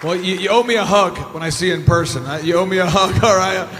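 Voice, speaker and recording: A man hosting an event on stage, excited and joking with his guest. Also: sits high, fast, in a large hall, over music. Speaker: event host. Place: large indoor venue. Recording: loud crowd cheering over voice.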